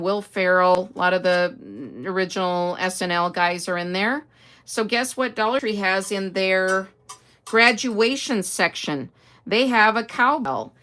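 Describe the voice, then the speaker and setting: A woman's voice: mid-range voice, fairly bright tone. An older woman hosting a casual live stream, chatting away, greeting viewers by name and answering their comments. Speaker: host.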